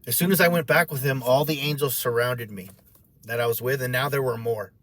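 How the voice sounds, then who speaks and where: A man telling an emotional personal story, animated and repetitive, acting out the voices of others as he goes. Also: mid-range voice, a little fast. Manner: emotional, repeats himself.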